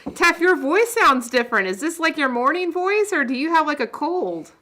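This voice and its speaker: A woman's voice: high voice, very animated, normal speed, bright, forceful tone. A woman hosting a livestream in casual chat, giggly and playfully teasing. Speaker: livestream host.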